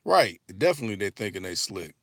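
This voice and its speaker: A man's voice: on the low side, very animated, fast talker, vocal fry. A man with an African American English accent hosting a livestream, chatting loosely and profanely with many restarts. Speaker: livestream host. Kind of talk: casual livestream chat.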